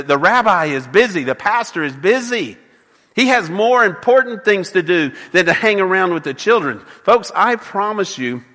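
A man preaching in a church sanctuary with a high, bright, forceful voice. He pushes his points hard, stumbles and restarts, and voices the people in the story. The sound carries a long hall reverb. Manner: emphatic preaching with repeated restarts and acted quotes. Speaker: pastor. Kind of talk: sermon.

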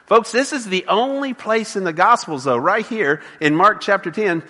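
A pastor delivers a sermon in a church sanctuary, his voice high, bright and forceful, with lively intonation at a moderate pace. He drives his points home emphatically, stumbles and starts over repeatedly, and acts out the people in the story. A long hall reverb trails the sound.

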